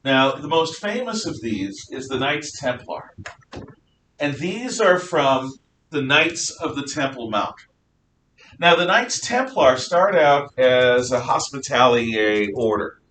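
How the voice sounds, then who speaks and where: A man teaching history in a bright, forceful voice, chatty and jokey, wandering into asides. He is heard from a distance in an echoey classroom with a faint rumble underneath. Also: big pitch swings, slow. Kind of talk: classroom lecture.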